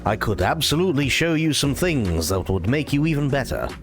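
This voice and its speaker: A cryptic old martial arts master speaks in a low, grave voice, unhurried and mystical, as a man puts him on. Every line sounds like ancient wisdom passed down. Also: big pitch swings, over music. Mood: solemn, cryptic.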